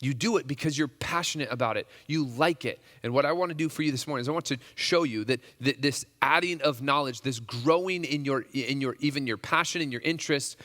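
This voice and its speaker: A male pastor speaks to a roomful of men with a bright, forceful voice and a loose, conversational delivery, stumbling through restarts and fillers as he warms up. His voice carries a long reverb from the large hall. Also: medium pitch, fairly quick, few pauses. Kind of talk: casual sermon.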